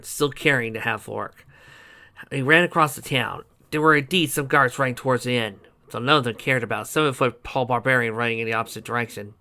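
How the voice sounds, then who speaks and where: A man reading a fan fiction story aloud in a plain, even narrating voice. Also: medium pitch. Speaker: reader.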